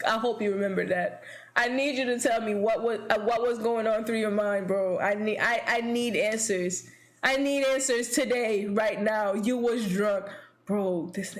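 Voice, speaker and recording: A young woman streamer telling a story in casual chat, animated and blunt, swearing and laughing often. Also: a little high.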